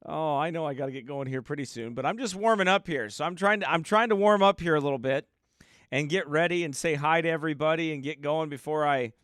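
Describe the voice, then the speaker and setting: A man's voice: a little high, a bit bright, dry recording. Man, pastor, casual livestream chat, joking, chatty, dry close sound. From United States. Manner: chatty, joking, reads viewer names aloud.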